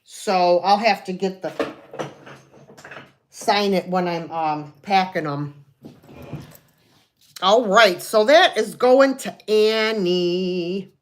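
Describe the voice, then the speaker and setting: Slow-talking woman hosting a live sale. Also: medium pitch, slight background noise. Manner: chatty, folksy, counts down sales. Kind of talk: live selling stream.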